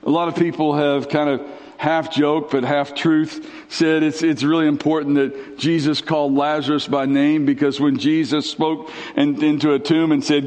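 A male pastor preaching a sermon in a conversational, dramatic way, sweeping up and down in pitch and dropping in slang. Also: normal speed, long reverb tail.

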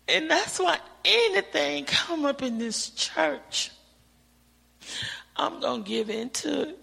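A woman's voice: high voice, animated, slow pace, gravelly, long pauses, sharp tone, big-room sound. A woman giving an earnest, emotional church testimony, rising to fervent praise.

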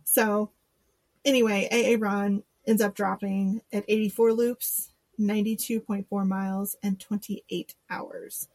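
A woman's voice: medium pitch, little pitch movement, a little slow, darkish tone, dry recording. A woman co-hosting a podcast, chatting casually and sarcastically, laughing and quoting people in mock voices. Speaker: podcast co-host. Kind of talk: casual chat.

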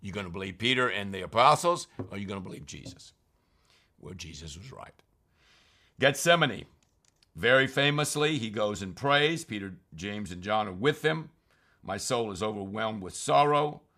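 A man's voice: fairly low pitch, lively intonation, normal speed, bright, forceful tone. A man teaching from scripture, reading verses aloud and then explaining them in plain, conversational terms. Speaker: preacher.

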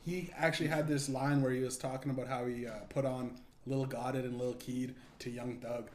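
Rambling, swearing podcast host. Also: male voice, medium pitch, little pitch movement, brisk. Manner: rambling, profane, laughs often. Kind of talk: casual chat. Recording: echoey room, faint background noise.

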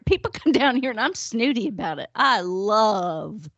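A middle-aged woman co-hosting a podcast, telling stories in an animated way and laughing often. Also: fairly high pitch, measured pace, no echo, highs cut off. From the American North. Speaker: podcast co-host. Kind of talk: casual chat.

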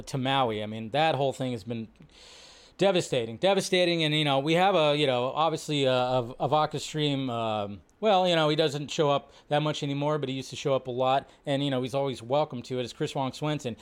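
A man's voice: medium pitch, clean tone. A man hosting a casual live commentary show, rambling with lots of fillers and frequent swearing. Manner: rambling, full of fillers and profanity. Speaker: host.

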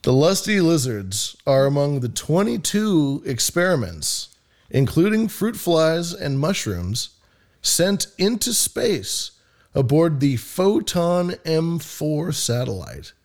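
A man's voice: fairly high pitch, sing-song, takes it slowly, darkish tone. A man hosting a podcast in casual chat, reading a news story aloud with jokes and plenty of swearing. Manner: jokey, swears freely, laughs often. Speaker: podcast host.

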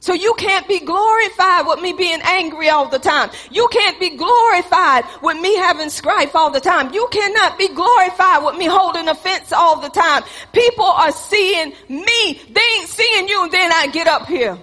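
A woman's voice: extremely high pitch, expressive, normal speed, hardly any pauses, pushed and bright, long reverb tail. A woman pastor preaching a sermon in a church, with call-and-response and acted-out dialogue.

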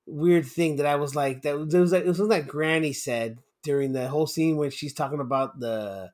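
A man's voice: on the high side, a little fast, darkish tone. A man co-hosting a podcast, rambling in casual chat with lots of fillers and swearing. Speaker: podcast co-host.

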